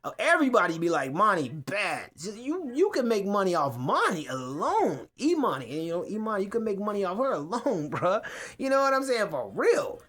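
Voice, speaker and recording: A man's voice: sits high, very animated, a little fast, a bit bright. A man hosting a podcast from a couch in his home man cave, ranting casually, cursing a lot and repeating himself as he rambles. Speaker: podcast host. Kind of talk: casual rant to camera.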